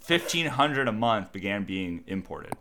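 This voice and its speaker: A man's voice: on the low side, big pitch swings, a little slow, sharp tone, slight background noise. A man co-hosting a casual group chat, reading out trivia notes in a dry, wry tone. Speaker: podcast co-host.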